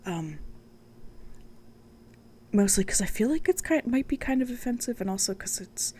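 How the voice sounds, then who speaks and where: A woman reading a classic story aloud in a careful, measured way with pauses. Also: medium pitch, animated, warm tone, a little hiss or hum. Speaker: channel host reading aloud.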